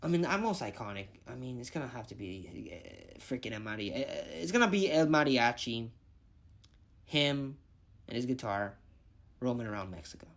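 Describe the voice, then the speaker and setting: A man's voice: medium pitch, very animated, moderate pace, a bit bright. A man giving a casual movie review vlog, rambling and thinking aloud, swearing freely as he picks his favorites.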